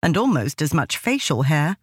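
A woman narrating an audiobook in a measured, expressive storytelling manner. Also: sits low, breathy edge, no room sound, clean studio sound. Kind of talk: scripted narration.

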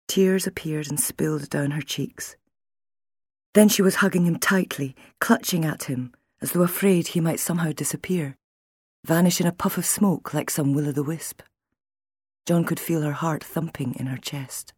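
A woman reads a novel aloud in a measured, expressive way. Her voice is husky and a little breathy, at a middle pitch. The recording is dry and close, with no room sound. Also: no echo. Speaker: audiobook narrator. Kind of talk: audiobook reading.

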